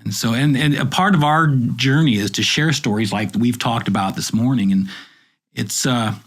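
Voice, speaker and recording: A man's voice: mid-range voice, moderate pace. A man, a journalist, chatting in a rambling, enthusiastic storytelling way. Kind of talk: casual chat.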